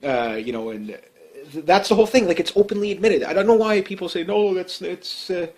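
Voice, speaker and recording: Man, fairly high-pitched, rambling commentary, lots of uhs and restarts, blunt. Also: expressive, fast, a little mellow. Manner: rambling, with many fillers and restarts; blunt and emphatic. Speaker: political commentator. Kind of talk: off-the-cuff political commentary.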